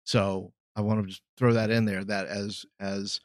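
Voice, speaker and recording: A middle-aged man and former youth pastor, talking in a measured, thoughtful way and searching for words. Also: on the low side, little pitch movement, no echo, studio quality. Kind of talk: reflective podcast chat.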